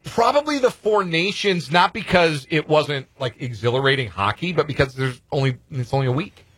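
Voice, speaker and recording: A man's voice: fairly high pitch, expressive, moderate pace, a bit bright, husky, no room sound. A man hosting a sports talk radio show, chatting casually and rambling a little, laughing easily.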